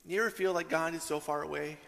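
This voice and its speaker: A man preaching a sermon as pastor, impassioned, swinging between loud, raised passages and hushed, soft ones. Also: a little high, fairly even intonation, fast talker, creaky. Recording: long hall reverb.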